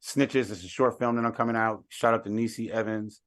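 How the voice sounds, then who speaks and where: A man's voice: fairly low pitch, fairly even intonation, fairly quick, fairly bright tone, no echo, clean studio sound. A man telling a story as a podcast guest in casual chat, laid-back.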